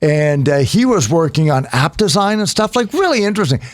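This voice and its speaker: A man's voice: fairly high pitch, a little fast, no room sound. A man co-hosting a radio show, telling stories in casual, joking chat. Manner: chatty storyteller, jokey, animated.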